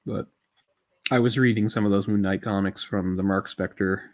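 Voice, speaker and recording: A man's voice: lowish voice, steady tone, moderate pace. A man giving casual live commentary on a film while feeling unwell, rambling in chatty asides with lots of fillers. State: unwell, keeps swallowing.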